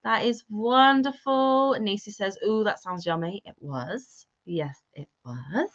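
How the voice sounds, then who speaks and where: A woman's voice: medium pitch, slow, highs cut off. Chatty woman reading livestream comments. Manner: warm, chatty, calls viewers honey. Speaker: co-host of a crochet livestream.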